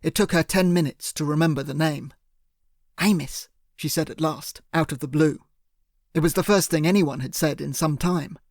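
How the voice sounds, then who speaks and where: A man narrating an audiobook in the first person, in a measured, steady way. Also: a little high, no echo, studio quality.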